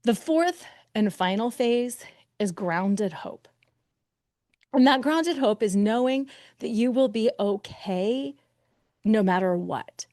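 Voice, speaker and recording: A woman hosting a solo podcast as a coach, talking animatedly, acting out inner voices with quick shifts and sometimes dropping to a soft whisper for emphasis. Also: fairly high pitch, lively intonation, no room sound, clean studio sound. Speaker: podcast host and betrayal recovery coach.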